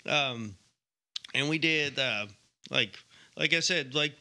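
A man's voice: mid-range voice, takes it slowly, pushed and bright. A man from eastern Washington, a stand-up comedian guest in casual chat, rambling with lots of restarts. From eastern Washington, USA.

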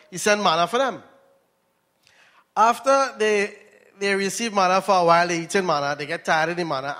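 A Trinidadian preacher delivering a sermon in a fairly high voice, telling a story and putting questions to his listeners. A long hall reverb trails his words. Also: fairly bright tone. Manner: storytelling, asks the audience questions.

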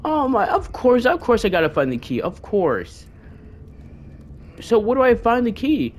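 A gaming streamer doing let's play commentary, cursing and mocking the game's enemies in a taunting sing-song, with excitable outbursts. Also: mid-range voice, measured pace, slight background noise. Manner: profane trash-talking of game enemies.

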